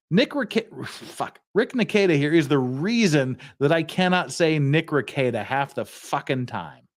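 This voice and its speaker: A man hosting a casual livestream, swearing a lot and rambling while he drinks and gets tipsy. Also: on the high side. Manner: profane, rambling, mocking. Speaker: livestream host.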